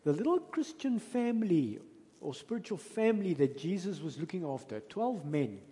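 A man's voice: high voice, very animated, moderate pace, dark tone. A South African man, a pastor, preaching a sermon in a conversational way, with emphatic bursts as he tells a story. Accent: South African English. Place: church hall. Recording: long reverb of a church hall.

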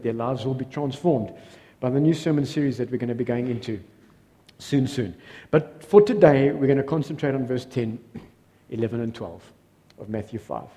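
A South African man preaching a lively sermon as pastor in a church, joking and calling out for amens. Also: mid-range voice. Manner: energetic, joking, builds to loud exclamations, calls for amens. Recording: long reverb of a church hall.

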